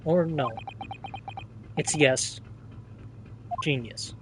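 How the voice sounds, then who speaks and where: A man's voice: fairly high pitch, very slow, a little hiss or hum, rough recording. A man streaming a game, making chatty, joking asides. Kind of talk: game livestream commentary.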